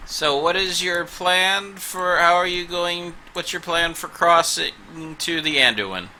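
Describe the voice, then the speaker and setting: A man narrating a tabletop game as game master, unhurried and hesitant with fillers. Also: high voice, pushed and bright, a little hiss or hum, low-quality recording.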